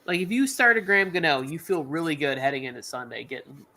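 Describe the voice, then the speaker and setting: A man hosting a sports watch party stream, chatting casually and rambling excitedly, a bit tipsy from drinks. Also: fast. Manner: excitable and rambling, jumps into high exclamations.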